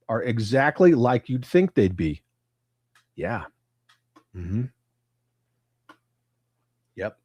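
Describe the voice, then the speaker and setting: A man's voice: mid-range voice, dry recording, studio quality. A man hosting a casual livestream, reading chat comments aloud with crude, profane banter.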